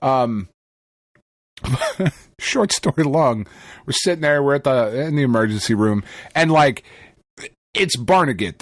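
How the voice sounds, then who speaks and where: A man co-hosting a casual podcast, telling stories full of swearing and quick laughter. His pitch swings widely as he talks, and the recording is dry and close with no room echo. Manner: profane, animated storytelling with frequent laughs. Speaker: podcast co-host. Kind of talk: casual chat.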